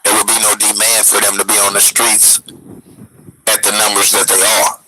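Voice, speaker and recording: A man's voice: fairly low pitch, monotone, normal speed, sharp tone, husky, rough recording. A man giving a preachy, profane lecturing rant in a played clip.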